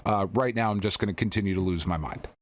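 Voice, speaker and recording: Male podcast co-host with a lowish voice; candid, rambling storyteller who curses freely. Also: fast talker, dry recording. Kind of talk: casual podcast chat.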